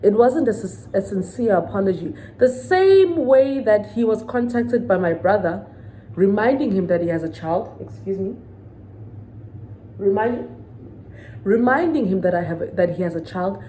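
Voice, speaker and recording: Speaking straight to camera, an indignant vlogger in her thirties vents through a storytime, hammering her points and firing questions at viewers. Her mellow, warm voice sits at a middling pitch for a woman, with lively intonation and normal speed. The recording is low quality, with a faint hiss underneath.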